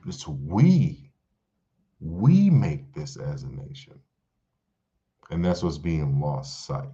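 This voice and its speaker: Deep, slow-talking preacher on a dull stream. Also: male voice. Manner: animated preaching with repeated phrases and casual asides. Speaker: teacher of a religious class. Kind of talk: live-streamed religious class. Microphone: live stream.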